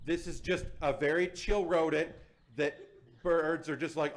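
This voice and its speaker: A man with a somewhat high voice hosts a live convention panel. He talks in a chatty, playful way and pokes fun at himself. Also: steady tone, unhurried. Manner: chatty, playful, self-deprecating. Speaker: panel host. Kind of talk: casual live panel hosting. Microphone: handheld or table mic.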